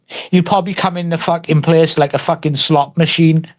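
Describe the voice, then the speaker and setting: A man's voice: fairly high pitch, steady tone, moderate pace. A man on a casual livestream, taunting and mock-threatening someone in crude, heavily sworn banter.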